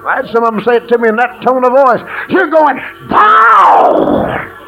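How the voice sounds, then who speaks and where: A man preaching a lively sermon to a congregation, calling out for praise and answers. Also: very high-pitched, very fast, dull audio, soft background music. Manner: exuberant call-and-response preaching, shouts and laughs. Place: church sanctuary.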